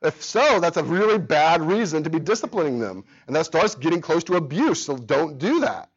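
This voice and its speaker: Worn out after a sleepless night, a thirtysomething man leads an adult Sunday school class, earnest and conversational, and livelier when he gets into stories. His voice is a little high and husky at a moderate pace, captured on a muffled recording.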